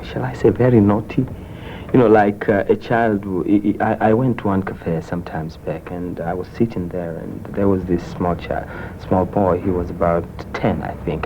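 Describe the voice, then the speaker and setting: A man's voice: low voice, a little hiss or hum. A man with a Kenyan accent, an interviewee telling stories hesitantly with many fillers and restarts, on a muffled 1970s radio recording. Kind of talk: casual storytelling.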